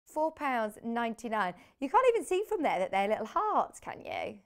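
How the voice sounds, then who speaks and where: A woman talks viewers through products on a live shopping channel from a TV studio. She is chatty and bubbly and laughs easily. Her voice sits a little high. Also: very animated, moderate pace.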